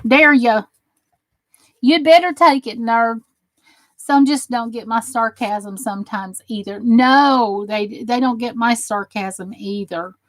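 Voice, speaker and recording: A woman with a Southern drawl chats casually with viewers of her crafting channel, teasing them with sarcasm, then earnestly encouraging them. She talks slowly and sits slightly high in pitch. The sound is close and dry, with no room around it. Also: dry recording.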